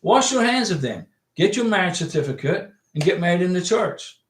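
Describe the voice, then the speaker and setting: A fairly high-voiced man hosts a relaxed livestream, reading out viewer messages and answering them plainly and directly. His voice carries a roomy echo, as if he were talking in an ordinary room at home. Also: a little fast, noisy background. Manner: folksy, reads viewer chats aloud and answers directly. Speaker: livestream host giving visa advice. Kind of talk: casual livestream chat.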